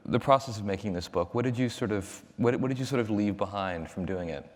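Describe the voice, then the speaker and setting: A man's voice: fairly low pitch, fast. Hesitant male interviewer in a hall. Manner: hesitant, many ums and uhs. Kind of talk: onstage conversation. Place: large auditorium. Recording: long hall reverb.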